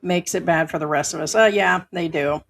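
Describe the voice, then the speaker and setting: A woman's voice: on the low side, moderate pace, vocal fry. Blunt, foul-mouthed woman streamer. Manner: blunt, outspoken, swears freely. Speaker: live-stream host. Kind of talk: casual live-stream chat, reading viewer comments. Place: at home.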